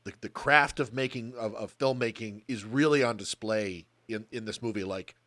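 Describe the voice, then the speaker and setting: A man's voice: on the low side, moderate pace, pushed and bright, dry recording. A man co-hosting a podcast, talking casually and bluntly about an old film and swearing freely. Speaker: podcast co-host.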